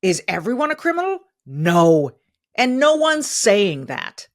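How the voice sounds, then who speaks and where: A woman's voice: mid-range voice, very animated, unhurried. A middle-aged woman hosting a podcast, delivering emphatic opinion commentary and repeating phrases for stress. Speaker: podcast host.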